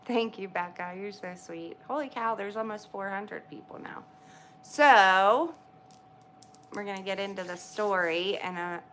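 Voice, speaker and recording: A woman's voice: mid-range voice, a little slow, fairly bright tone, slight background noise. A woman, chatting casually with livestream viewers, greeting them by name and laughing often. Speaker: livestream host.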